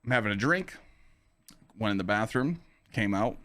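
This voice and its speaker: A podcaster who also streams tells a story in a low-leaning voice at a moderate pace. He is animated and foul-mouthed, and "you know" keeps popping up as filler.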